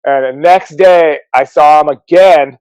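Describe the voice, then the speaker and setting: A man's voice: fairly high pitch, measured pace, a little mellow, clean tone, dry recording, low-quality recording. A man who coaches at a surf camp, chatting as a guest in a laid-back way, laughing often and using surfer slang. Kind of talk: casual chat.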